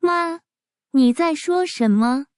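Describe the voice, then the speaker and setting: A squeaky incredulous child. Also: male voice, measured pace, no room sound, clean studio sound. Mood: mocking disbelief. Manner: squeaky mocking put-on voice. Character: incredulous future child addressing parent.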